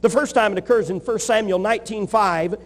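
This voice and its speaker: A pastor with a high voice delivers an emphatic sermon and drives his points home through rhythmic repetition. His words ring out with a long reverb trailing behind them in a large hall. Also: fairly quick.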